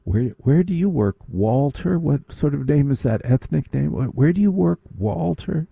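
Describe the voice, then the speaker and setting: A man putting on the voices of condescending young preppy partygoers, higher and airier than his own voice. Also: expressive, normal speed, gravelly, dark tone, husky, no echo, studio quality, exaggerated voice. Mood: snooty.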